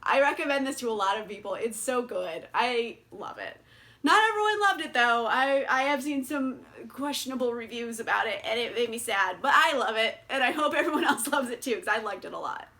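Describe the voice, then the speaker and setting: Young female book vlogger, high and bright, casual and blunt with some cursing. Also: fairly quick. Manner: animated, blunt and swears freely. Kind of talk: casual book review chat.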